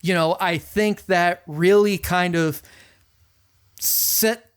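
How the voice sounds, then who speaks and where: A man with a slightly higher voice co-hosts a casual podcast. He rambles along, bouncing into quoted lines and sometimes shouting them for effect. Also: fairly even intonation, slow, smooth. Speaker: podcast co-host. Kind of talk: casual chat about music.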